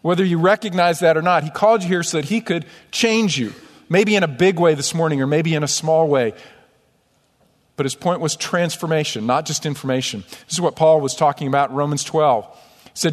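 Pastor guy from upstate ny preaching, kinda high voice, jokey about himself, long echo in the church. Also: fairly quick. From upstate New York. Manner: conversational, self-deprecating humor. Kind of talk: sermon. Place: church sanctuary. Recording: long church hall reverb.

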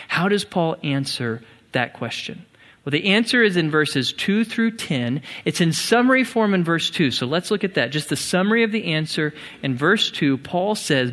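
A man's voice: high voice, expressive, normal speed, fairly bright tone. A man preaching a sermon as pastor, earnest and emphatic as he explains.

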